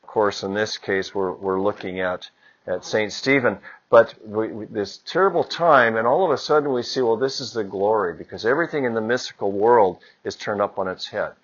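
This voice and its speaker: A priest giving a conversational homily, building to moments of emphasis. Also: male voice, on the low side, moderate pace, lo-fi sound. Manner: conversational preaching with rising emphasis. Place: church.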